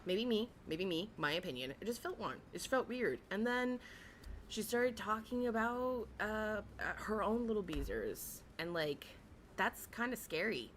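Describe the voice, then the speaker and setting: A young adult woman with a raspy voice, chatting casually and rambling on a livestream, often giggling, with many fillers. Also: mid-range voice, animated, moderate pace, slight background noise. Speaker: livestream commentary host.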